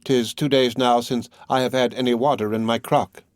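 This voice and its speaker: A man's voice: mid-range voice, steady tone, moderate pace, dry recording, studio quality, close to an everyday voice. A man voicing a grief-crazed old hermit woman. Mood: bitter. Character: grief-crazed old female recluse, bitter, wild.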